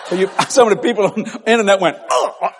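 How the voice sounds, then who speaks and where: A man's voice: sits high, very fast, noisy background. A man with a Cajun accent, preaching humorously through childhood stories and laughing as he tells them.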